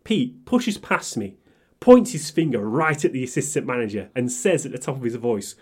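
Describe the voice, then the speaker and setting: A man's voice: mid-range voice, normal speed, husky. A young man, co-hosting a podcast and telling workplace stories with lots of swearing and acted-out quotes. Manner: animated, swears freely, acts out quotes. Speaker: podcast co-host. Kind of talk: casual storytelling chat.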